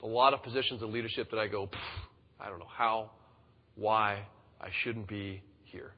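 A pastor with a fairly low, steady voice at normal speed delivers a conversational sermon, acting out the voices of the people he quotes. The sound is dull and echoes in a reverberant hall.

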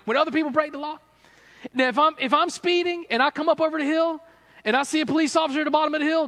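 A man preaching a sermon as pastor to a gathered room, telling stories with laughs and playful asides. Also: very high-pitched. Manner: animated storytelling with laughs and asides. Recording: long reverb of a large hall.

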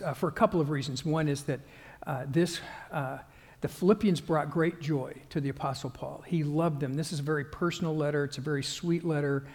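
A male pastor giving a conversational sermon, halting with fillers and restarts and growing more emphatic as he goes. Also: on the high side, darkish tone, big-room sound.

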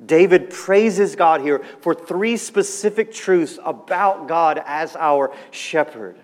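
A man preaching a sermon, earnest and emphatic, slowing down and dropping his voice on key words. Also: on the high side, in a large hall. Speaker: pastor.

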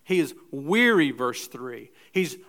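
A man's voice: mid-range voice, very animated, takes it slowly, fairly bright tone. A middle-aged man preaching a sermon in church, speaking in a conversational way with restarts and acted-out asides. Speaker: pastor.

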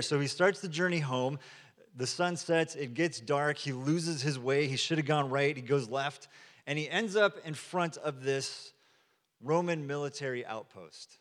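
A pastor preaches in a church sanctuary in a conversational, storytelling style, acting out quotes as he goes. His voice is on the high side and a bit bright at a moderate pace, with long hall reverb.

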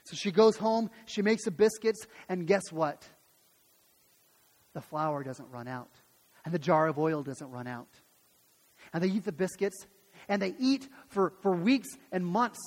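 A pastor preaching a sermon and retelling a Bible story, acting out the voices of its people in a lively way. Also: male voice, high voice, unhurried, pauses often, big-room sound. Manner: animated storytelling, acts out voices.

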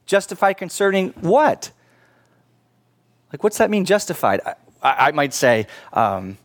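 A man's voice: a little high, big pitch swings, fairly quick. A middle-aged man preaching a sermon in church, earnest and pleading, with casual asides to the congregation. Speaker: pastor.

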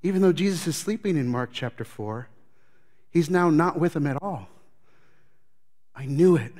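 A man's voice: on the high side, lively intonation, normal speed, darkish tone. A man preaching a sermon as pastor, telling the story with animation and acting out scenes.

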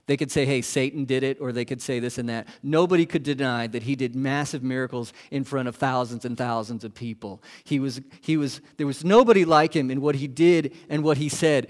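A man preaching a sermon as a pastor, asking the congregation questions and moving between loud emphasis and hushed, quiet lines. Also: mid-range voice, brisk, hardly any pauses.

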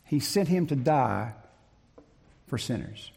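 A man preaching a sermon in an emphatic, deliberate way, repeating his key phrases, with a gravelly, husky voice. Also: mid-range voice, a little mellow. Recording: long reverb of a large hall.

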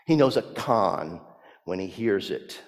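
A male pastor preaching a sermon, telling a story and swinging from hushed words to loud emphasis. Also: on the low side, animated, slow, long reverb tail.

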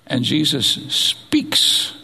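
A middle-aged male pastor preaching a sermon with animated, dramatic retelling of scripture. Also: mid-range voice, very slow, gravelly, slightly rough. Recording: long reverb of a large hall.

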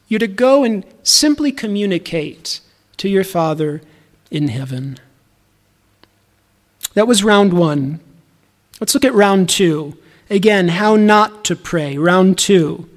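A man in his thirties preaching a conversational, earnest sermon to his congregation. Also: high voice. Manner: earnest, conversational, repeats words when restarting. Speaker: pastor.

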